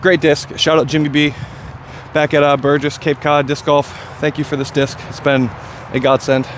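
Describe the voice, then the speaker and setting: A man vlogging his disc golf round outdoors, chatting casually and getting excited and self-deprecating over his throws. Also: fairly high pitch, normal speed, noisy background. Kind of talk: casual play-by-play commentary.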